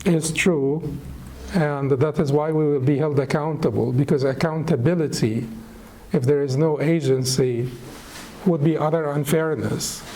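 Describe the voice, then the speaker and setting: A middle-aged man teaching a lecture on spirituality, unhurried and thoughtful, pausing with fillers and restarting phrases. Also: on the high side, fairly even intonation, mellow, slight background noise, rough recording. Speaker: Islamic studies teacher.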